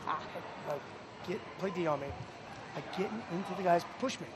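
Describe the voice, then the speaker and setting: At a noisy lacrosse practice, captured in a field recording, a man with a high-pitched voice coaches his players on the field, speaking fairly quickly as he energetically shouts praise and instructions.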